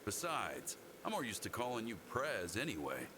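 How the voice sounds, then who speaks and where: An actor playing a lazy, wry school doctor who talks in a dry, teasing way in a video game. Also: male voice, lowish voice, huge pitch swings, moderate pace, background noise.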